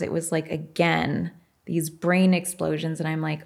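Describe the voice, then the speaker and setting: A woman's voice: low-pitched, steady tone, measured pace, creaky. A middle-aged woman being interviewed as a podcast guest, telling her story frankly and with animation, swearing and laughing often.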